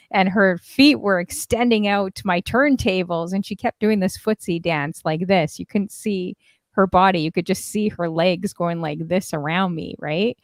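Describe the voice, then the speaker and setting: A woman's voice: lowish voice, unhurried, dry recording. A woman hosting a casual group call on her stream, chatty and gushing, laughing often. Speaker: stream host and DJ.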